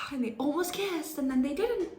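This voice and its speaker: A young woman from Italy talks straight to camera in a casual reading vlog. Her voice sits a little high, and she reacts in animated, swearing rants. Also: normal speed, noisy background. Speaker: book vlogger.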